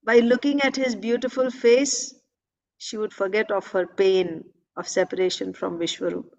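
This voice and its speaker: A woman's voice: medium pitch, steady tone, moderate pace, vocal fry, a little mellow, poor audio. A woman reading and explaining a devotional scripture in a class. She repeats phrases and often checks in with "right?".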